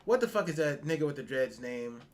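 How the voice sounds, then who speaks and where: A man's voice: mid-range voice, very animated, a little fast. A man co-hosting a casual podcast, swearing constantly and laughing mid-sentence as he rants. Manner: swears constantly, ranty, rises sharply when worked up, laughs mid-sentence. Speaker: podcast co-host. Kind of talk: casual profane chat.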